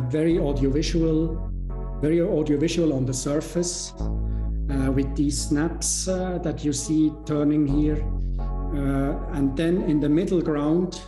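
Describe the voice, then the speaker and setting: A man giving a university lecture in a halting way, pausing often on filler sounds while he searches for words. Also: a little high, roomy sound, poor audio. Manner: halting, with frequent filler pauses. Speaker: guest lecturer.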